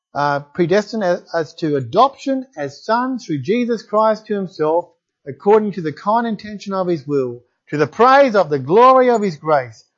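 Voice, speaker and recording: A man preaching a sermon, reading scripture aloud and exclaiming in wonder at it. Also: high-pitched. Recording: dull lo-fi recording.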